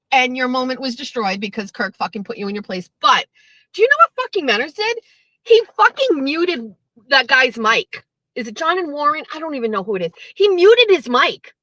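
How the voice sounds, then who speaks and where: Streamer host, woman, high and bright voice, profane ranting commentary, dry close sound. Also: moderate pace, no echo, rough recording. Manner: profane, animated, mocking impressions.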